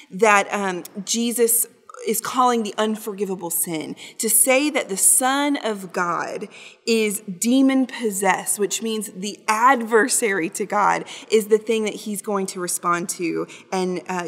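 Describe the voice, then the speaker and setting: Woman teaching scripture in a reverberant hall. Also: medium pitch. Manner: conversational, explanatory, with fillers and emphatic scripture readings. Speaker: Bible teacher. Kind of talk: Bible study teaching.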